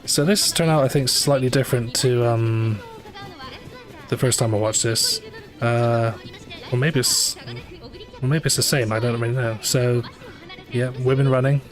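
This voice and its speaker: A man's voice: medium pitch, fairly even intonation, normal speed. A man livestreaming a game, talking casually with lots of fillers, restarts and dry asides, with faint game music behind. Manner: rambling, many fillers and self-corrections, dry asides. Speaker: livestreamer playing a gacha game. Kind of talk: casual live commentary.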